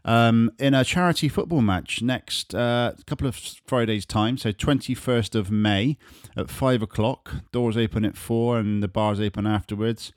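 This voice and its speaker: A man's voice: medium pitch, normal speed, no room sound, studio quality. A man from England hosting a football podcast, talking casually with many fillers. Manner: relaxed, filler-heavy delivery. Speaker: podcast host.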